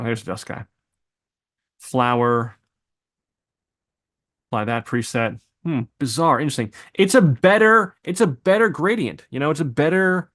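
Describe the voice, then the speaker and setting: A man of ordinary middle pitch leads a screen-recorded editing tutorial. He thinks aloud as he clicks through presets, tossing in loose asides and quick exclamations. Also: fairly bright tone. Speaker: video editing instructor.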